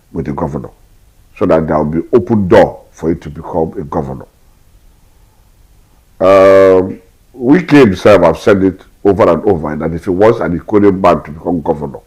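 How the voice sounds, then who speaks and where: Husky deep-voiced Nigerian man. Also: low-quality recording. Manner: forceful, repetitive rhetorical questions. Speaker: political commentator. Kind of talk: emphatic political commentary.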